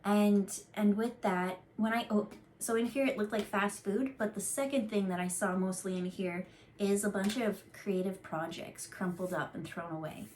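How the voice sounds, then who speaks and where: Woman, intuitive card reader, casual rambling delivery, earnest, mid pitch, faint background hiss. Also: steady tone, normal speed, darkish tone. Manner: chatty, rambling, earnest with frequent fillers and restarts. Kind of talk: casual channeled tarot reading.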